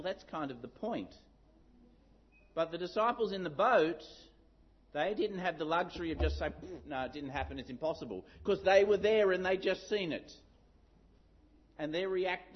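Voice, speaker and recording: Animated man preaching a sermon. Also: on the high side. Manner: storytelling, animated with acted-out shouts. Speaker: pastor. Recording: dull lo-fi sound.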